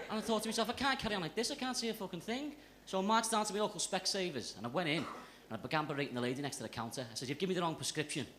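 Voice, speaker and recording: A man's voice: a little high, a bit bright. Young male stand-up with a Liverpool accent, sweary and brash, on a club stage mic with faint noise. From Liverpool area, England. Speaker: stand-up comedian. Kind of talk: stand-up set.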